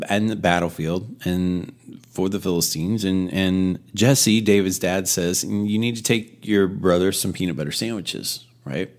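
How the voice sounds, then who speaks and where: A man teaches scripture in a relaxed, chatty sermon style. He retells the story with offhand asides and quick self-corrections. His voice sits on the low side. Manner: casual, storytelling with asides and restarts. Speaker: Bible teacher.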